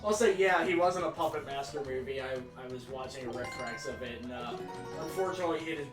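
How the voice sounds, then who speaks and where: A man's voice: medium pitch, brisk. A man chatting casually while playing a video game, rambling and laughing often. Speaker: let's play co-host. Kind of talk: casual gaming chat. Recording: roomy voice from a distance with game music.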